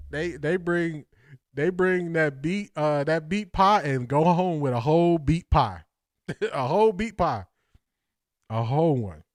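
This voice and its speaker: A fairly high-pitched Ohio man hosts a casual sports talk livestream and reads chat aloud. Joking, laughing often and repeating lines for effect, he's heard in a dry recording with clean studio sound.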